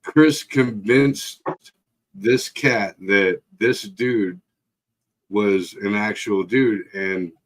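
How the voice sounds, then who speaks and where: A man casually telling a rowdy story, swearing constantly and jumping into other people's voices as he goes. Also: fairly low pitch. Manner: profane, animated retelling with voiced quotes. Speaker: podcast co-host.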